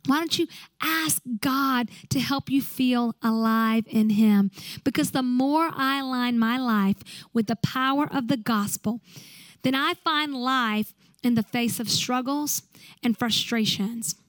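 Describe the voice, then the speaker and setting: A woman pastor preaches in a high, clear voice, pressing her listeners with earnest rhetorical questions. She moves from exhortation into heartfelt prayer. The sound is close and dry. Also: takes it slowly, no room sound, poor audio. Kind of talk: sermon and closing prayer.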